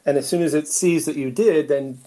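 A man's voice: on the high side, fairly quick, warm tone. Man explaining things casually in an interview. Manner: loose and explanatory, with fillers. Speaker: trade association director. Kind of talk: interview answers.

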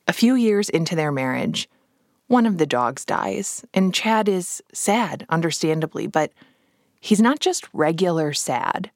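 A woman's voice: low-pitched, expressive, no echo. Dry-voiced female documentary narrator. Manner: measured, storytelling delivery.

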